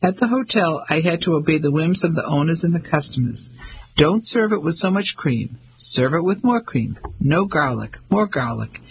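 Man playing a relaxed, shrugging French chef, husky voice. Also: fairly high pitch, moderate pace, exaggerated voice, low-quality recording.

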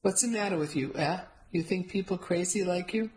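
A woman's voice: fairly low pitch, normal speed, a little mellow, pitched above the performer's own voice, close to an everyday voice, rough recording. A woman voicing a blunt, cranky elderly Italian immigrant woman who speaks broken English with an Italian accent. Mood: scornful. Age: older.

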